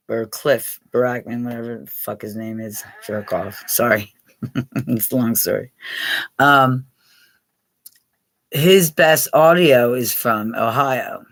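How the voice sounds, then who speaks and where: A woman's voice: rumbling low, a bit bright, dry recording. An older woman from Pennsylvania hosting a casual live chat with her viewers, rambling, swearing freely and laughing often. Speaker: live stream host.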